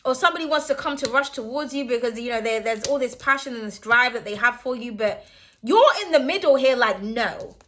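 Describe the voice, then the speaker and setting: A woman's voice: on the high side, expressive, brisk, fairly bright tone. A young woman giving a casual tarot reading, chatty and blunt, swearing and laughing freely as she talks. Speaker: tarot reader.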